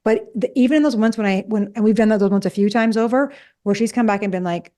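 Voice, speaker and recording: A woman's voice: medium pitch, quick pace, dark tone. A woman in her forties, a psychologist co-hosting a podcast, talking casually and acting out quoted dialogue with animation.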